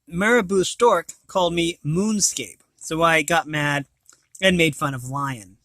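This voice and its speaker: A man's voice: fairly high pitch, measured pace, sharp tone, dry recording. A man voicing a sheepish bald male vulture in a storybook reading.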